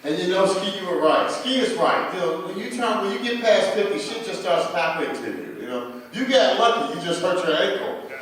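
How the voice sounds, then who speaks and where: A man's voice: high-pitched, lively intonation, fairly quick, a bit bright. A man in his fifties doing loose, profane stand-up storytelling at an open mic night, laughing at his own jokes. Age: 50s. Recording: echoey bar from a distance.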